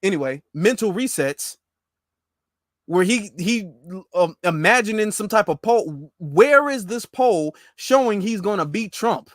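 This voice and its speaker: High-voiced, mocking male commentator. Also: measured pace, no room sound, studio quality. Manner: mocking, slangy, animated. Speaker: political commentator. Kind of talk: casual political commentary.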